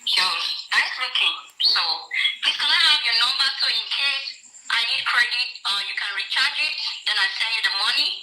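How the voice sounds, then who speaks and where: A woman's voice: sits high, a little fast, pushed and bright, echoey room, rough recording. A woman from Cameroon telling a personal story in an interview, often quoting what others said. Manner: recounting, quotes others' words. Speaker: guest telling her story.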